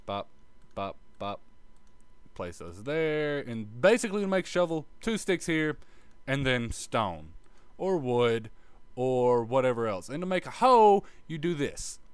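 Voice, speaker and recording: A man's voice: mid-range voice, very animated, unhurried, clear, resonant tone, dry recording. A man giving a casual gameplay tutorial, muttering and swearing as he plays and humming little sound effects like "bop bop" under his breath. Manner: offhand, self-mocking tone. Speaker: gaming video creator.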